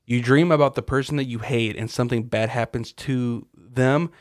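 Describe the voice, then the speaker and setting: Male co-host, mid-pitched, dry recording; loose, jokey, casually profane. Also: steady tone, normal speed, no room sound. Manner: loose, joking, curses casually. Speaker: podcast co-host. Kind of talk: casual chat.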